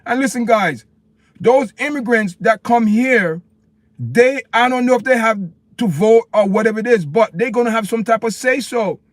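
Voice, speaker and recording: A man with a high voice hosts a casual live stream and rambles emphatically, talking straight to his viewers. The sound is dry and close, with no room echo. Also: normal speed.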